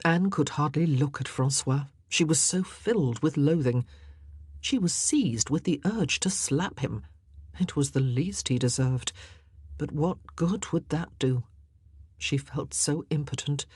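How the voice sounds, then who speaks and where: A woman reading a historical novel aloud as audiobook narrator, in an expressive, measured storytelling manner. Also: low voice, breathy edge, dry recording, clean studio sound.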